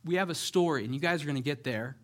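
Casting: male preacher, slightly high voice, animated storyteller who keeps asking "right?". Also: fast. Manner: animated storyteller, acts out characters' lines; conversational, checks in with "right?". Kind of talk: sermon, Bible storytelling.

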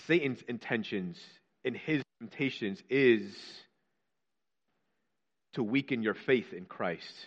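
A man preaching a sermon, building up to fervent rhetorical questions and dropping to hushed quotations. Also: medium pitch, muffled recording.

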